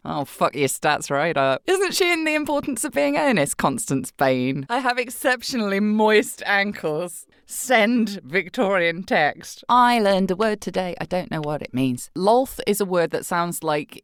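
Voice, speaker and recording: A woman with a slightly husky voice, chatting casually and sardonically while playing a game, full of swearing and quick jokes. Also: fairly low pitch, dry recording, clean studio sound. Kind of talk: casual gaming chat.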